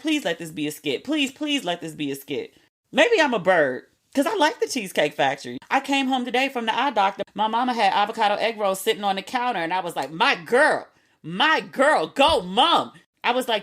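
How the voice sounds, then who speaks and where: A young woman hosting a podcast, telling stories in a candid, casual way with slang and profanity. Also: mid-range voice. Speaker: podcast host. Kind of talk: casual solo chat.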